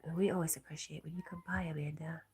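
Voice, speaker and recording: A woman hosting a livestream, reading out viewer comments in a casual, soft, often half-whispered way, with a stuffy nose. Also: deep voice, little pitch movement, fast, breathy edge. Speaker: livestream host.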